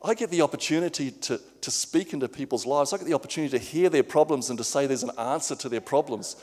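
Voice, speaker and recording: A man's voice: mid-range voice, fast talker, darkish tone. A male preacher giving a sermon in an earnest way, often repeating words as he goes. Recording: long hall reverb.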